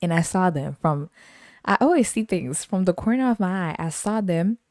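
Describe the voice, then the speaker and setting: A young woman with a low, warm voice hosts a podcast. She tells stories in a chatty, animated way, laughs often and jumps into the voices of the people in them. The sound is close and dry. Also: normal speed, dry recording. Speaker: podcast host. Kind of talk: casual solo storytelling.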